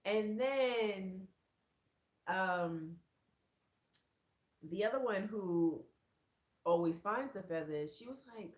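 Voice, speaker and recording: A woman sharing a faith testimony from her room in casual, excited storytelling. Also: takes it slowly, long pauses, roomy sound. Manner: excited storyteller who acts out quoted lines in a much higher voice. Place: her own room, indoors.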